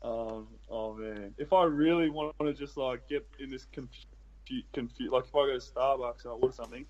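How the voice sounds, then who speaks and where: A man's voice: mid-range voice, fairly even intonation, normal speed, darkish tone, muffled recording. A young adult man with an Australian accent, chatting as a podcast guest in a laid-back, rambling way with plenty of swearing. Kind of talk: casual chat.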